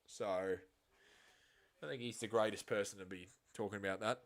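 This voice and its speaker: A man hosting a casual live reaction stream of a match, swinging from quiet muttering to loud, exasperated outbursts and swearing bluntly. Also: lowish voice, fairly even intonation, normal speed.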